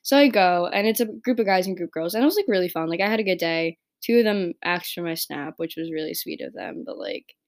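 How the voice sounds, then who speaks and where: A teenage girl from New York talking through her breakup on her own podcast, rambling and filling every pause with "like" and "right?". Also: fairly low pitch, lively intonation. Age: teens. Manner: rambling, heavy use of "like" and "right?". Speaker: podcast host. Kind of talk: casual personal podcast monologue.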